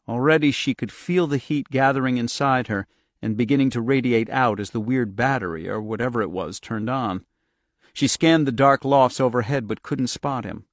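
A man reads an audiobook with steady, tense pacing in a middle-register, creaky voice of medium pitch. The sound is dry and close-miked, with no room sound.

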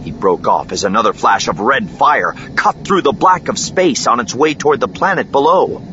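Deep guy reading an audiobook, very animated delivery, muffled hissy audio. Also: normal speed. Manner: expressive, dramatic reading. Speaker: audiobook narrator. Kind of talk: scripted narration. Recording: dull lo-fi with steady noise.

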